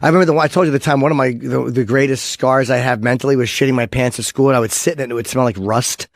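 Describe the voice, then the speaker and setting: A man's voice: mid-range voice, steady tone, very fast, no echo, studio quality. A man co-hosting a radio show, bluntly telling crude, self-mocking stories in casual banter.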